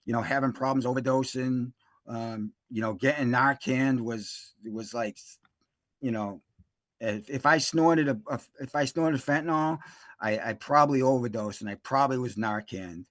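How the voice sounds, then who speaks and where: A man telling his recovery story in a halting, emotional way, full of fillers and restarts. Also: mid-range voice, fairly bright tone, no echo. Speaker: interview guest, recovery specialist. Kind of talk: emotional personal testimony.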